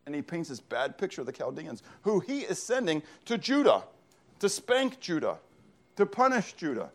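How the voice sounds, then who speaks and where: A man's voice: fairly high pitch, huge pitch swings, moderate pace. A male pastor preaching a sermon in an emphatic style, often posing questions to the congregation and then answering them himself. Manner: emphatic, uses call-and-response questions.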